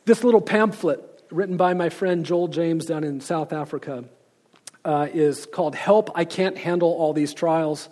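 Man, fairly high voice, pastor, informal book talk, reflective, hesitant pauses. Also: a little mellow. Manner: reflective, hesitant, often pausing with fillers. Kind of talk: informal book recommendations with read-aloud quotes.

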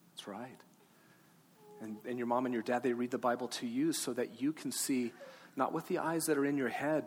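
Male pastor, mid pitch, preaching in a big sanctuary with long echo and faint ambience, coaxing with kids. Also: a little hiss or hum. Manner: gentle, coaxing with children, then earnest and rising. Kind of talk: Easter sermon with children's talk. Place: large church sanctuary. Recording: long hall reverb, faint room ambience.

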